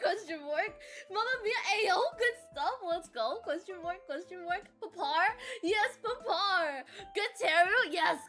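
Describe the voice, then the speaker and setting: A woman streamer chats casually with her viewers while coming down with a cold, bubbly and giggly as she reads chat aloud and swears now and then. Her voice is high and a bit bright.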